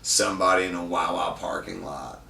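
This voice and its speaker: A man guesting on a podcast, talking casually and profanely, sometimes loud and sometimes mumbling. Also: sits low, fairly even intonation, moderate pace, vocal fry, a little hiss or hum. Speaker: podcast guest, van traveler. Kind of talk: casual chat. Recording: roomy sound from a distant mic.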